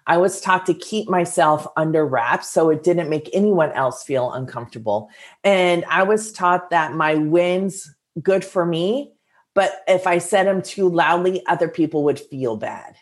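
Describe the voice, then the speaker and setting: A woman with a lowish voice speaks straight to her listeners in a motivational talk. She sounds casual and earnest, with filler words here and there, and keeps an encouraging, coaching tone throughout. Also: lively intonation, a little slow.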